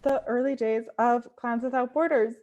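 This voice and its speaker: A woman's voice: fairly high pitch, fairly even intonation, moderate pace, a little mellow, muffled recording. A woman moderating a panel, cheerfully wrapping up and thanking the guests. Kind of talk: hosting a panel conversation.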